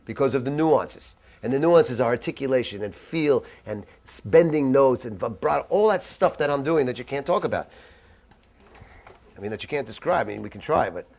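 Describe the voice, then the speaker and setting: A man teaching a jazz masterclass in a conversational, animated way, tossing in acted asides, in a dry room. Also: medium pitch, a little fast, creaky. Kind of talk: masterclass lecture. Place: dry room with little reverb.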